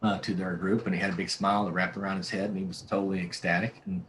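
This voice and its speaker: A man's voice: sits low, little pitch movement, fast talker, fairly bright tone, a little hiss or hum, low-quality recording. A male pastor telling a story in a conversational interview, earnest and full of restarts. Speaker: pastor and podcast guest.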